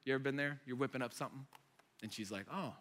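Animated man preaching in an echoing hall. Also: mid-range voice, rapid-fire. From United States. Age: 30s. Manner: animated storyteller, acting out voices. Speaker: pastor. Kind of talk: sermon. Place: large church hall. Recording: echoey hall.

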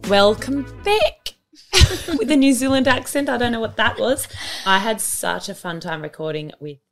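A woman's voice: fairly high pitch, fairly quick, gravelly, faint music behind. A woman co-hosting a podcast, chatting casually in a playful, giggly way. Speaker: podcast co-host. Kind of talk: casual chat.

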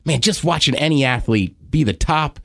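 A man's voice: a little high, expressive, moderate pace, gravelly, dry recording, studio quality. A man co-hosting a podcast, chatting casually and eagerly about sports and racing. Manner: enthusiastic, nerdy about racing. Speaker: podcast co-host.

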